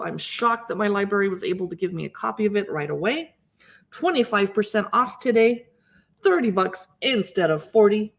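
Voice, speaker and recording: A woman hosting a casual live stream, chatting enthusiastically as she flips through cookbooks and muses aloud over recipes. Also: medium pitch. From Seattle area. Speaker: cookbook channel host.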